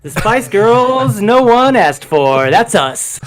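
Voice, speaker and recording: A man's voice: high voice, very animated, takes it slowly, hardly any pauses. A man hosting a casual livestream show, rambling and riffing in a playful, self-mocking way. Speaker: host.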